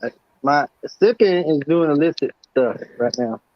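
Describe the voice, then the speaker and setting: A high-voiced man from North Carolina clowns his way through a live chat, forever dropping into impressions. His voice sounds dry and muffled, like online call audio. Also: animated, moderate pace, dry recording.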